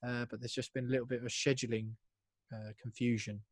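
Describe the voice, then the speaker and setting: A man's voice: mid-range voice, flat delivery, fast, husky, dry recording. A man hosting a casual podcast, upbeat and jokey as he presents. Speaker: podcast host.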